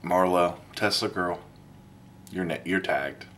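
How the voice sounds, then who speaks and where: A man with a very low voice chats to camera for his video blog. He rambles and restarts, laughing at himself. A faint rumble sits under the recording. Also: slow, fairly bright tone. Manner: rambling, self-deprecating, many fillers and restarts. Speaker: vlogger. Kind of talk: casual talk to camera.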